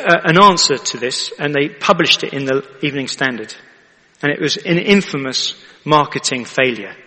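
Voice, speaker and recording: A man's voice: mid-range voice, sharp tone, big-room sound. A man, a vicar preaching in a chatty way and often asking the congregation to agree. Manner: chatty, asks the audience for agreement. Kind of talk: sermon.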